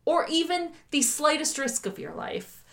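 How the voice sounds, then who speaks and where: A woman's voice: sits high, sing-song, measured pace, gravelly, fairly bright tone. A woman co-hosting a casual podcast chat. She talks bluntly, swears freely, laughs often and sometimes reads a story aloud. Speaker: podcast co-host.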